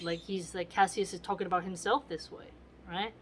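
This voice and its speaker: A woman's voice: lowish voice, fairly even intonation, moderate pace, slight background noise. A woman teaching literature, explaining a play in a conversational way and often checking in with the listener. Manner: conversational, asks "right?" often.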